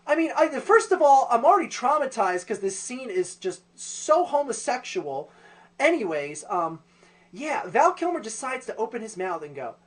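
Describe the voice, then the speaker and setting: A man's voice: very high voice, very animated, normal speed. A man ranting profanely in a comedic vlog, full of ums and likes. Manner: ranting, profane, lots of fillers. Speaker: video host.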